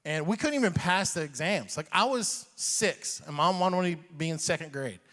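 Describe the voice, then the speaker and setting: Brief: male stand-up comic in his forties from Iran, lively and high-pitched, long hall reverb. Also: normal speed. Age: 40s. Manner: animated, chuckles at own jokes. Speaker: comedian. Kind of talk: stand-up comedy.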